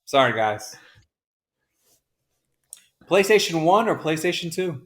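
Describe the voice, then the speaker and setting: A man's voice: on the high side, sing-song, slow pace, a bit bright. A man co-hosting a podcast in casual chat, joking and swearing freely. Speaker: podcast co-host.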